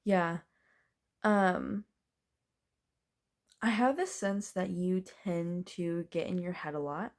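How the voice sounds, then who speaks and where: Speaking slowly with long pauses, this tarot reader has a fairly low-pitched voice. She keeps the reading casual and chatty, musing aloud as each card is turned and laughing occasionally.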